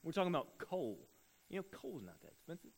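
A man preaching a sermon, telling stories in an animated way and acting out the voices of the people in them. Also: on the high side, fairly quick, gravelly, slightly rough. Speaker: pastor.

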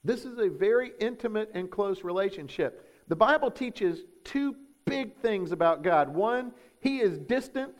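A man's voice: sits high, lively intonation, a little slow, few pauses. A man, preaching a sermon as pastor, emphatic and full of rhetorical questions.

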